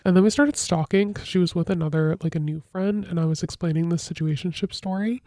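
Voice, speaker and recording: Chatty young woman, mellow dry voice. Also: quick pace, no room sound. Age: young adult. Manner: chatty, filler-heavy, dramatic pitch jumps. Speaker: podcast host. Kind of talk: casual confessional monologue.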